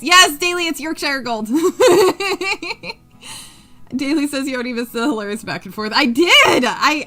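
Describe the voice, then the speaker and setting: A woman chats her way through a live craft stream, rambling from one thing to the next. She hums little tunes under her breath and swears without a second thought. Faint music plays quietly behind her. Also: medium pitch. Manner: rambling and chatty, hums to herself, swears freely. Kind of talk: casual chat while crafting on a live stream.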